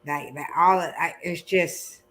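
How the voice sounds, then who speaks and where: A woman guesting on a relationship podcast, speaking slowly and tenderly. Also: on the low side, fairly even intonation, fairly bright tone, slight background noise. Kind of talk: casual chat.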